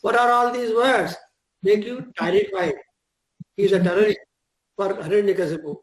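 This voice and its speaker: An older man giving a classroom lecture on Vedic verses, explaining in short, measured phrases and now and then chanting Sanskrit lines. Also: high voice. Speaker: Vedic teacher. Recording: echoey classroom recording.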